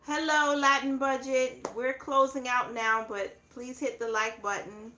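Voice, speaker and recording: A woman's voice: high voice, steady tone, a little slow, pushed and bright. A woman hosting a laid-back live chat, talking casually with viewers and laughing often. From southern United States. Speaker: livestream host. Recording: echoey room, faint background noise.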